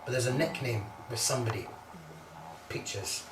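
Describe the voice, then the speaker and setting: A man acting as a medium on a ghost hunt, giving halting, searching readings and often repeating himself. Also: mid-range voice, echoey room, recorded from a distance, noisy background. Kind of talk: psychic readings on a paranormal tour.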